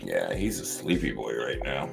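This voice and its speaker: Playful man with a lively, swooping voice. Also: rumbling low, normal speed, creaky, faint music behind. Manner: playful, teasing, laughs along. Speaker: live psychic card reader and co-host. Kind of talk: casual live-stream chat.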